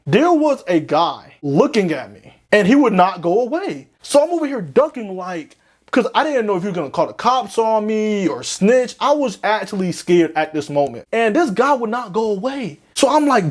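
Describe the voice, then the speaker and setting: A man's voice: sing-song, normal speed. Young man telling a story, voice swinging wildly. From Florida. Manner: slangy, swings between panicky high squeaks and low drawls. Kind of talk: animated storytime narration.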